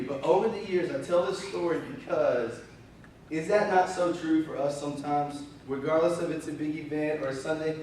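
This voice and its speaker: A man preaching a storytelling sermon as youth pastor, animated and conversational, his voice a little strained. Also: fairly high pitch, slight background noise. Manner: animated, conversational, breaks into laughter. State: slightly strained voice. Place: church hall. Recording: very echoey hall, voice from far off.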